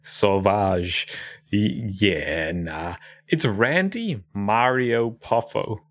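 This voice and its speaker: A man's voice: fairly low pitch, lively intonation, a little slow, fairly bright tone. A man chatting casually as a podcast guest, playful and enthusiastic.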